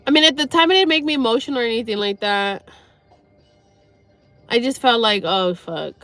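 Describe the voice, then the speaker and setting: High-voiced woman, tearful and rambling. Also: fairly bright tone, no room sound, soft background music. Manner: rambling, sweary, halting with sighs. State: near tears. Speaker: livestreamer. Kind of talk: emotional personal talk to viewers.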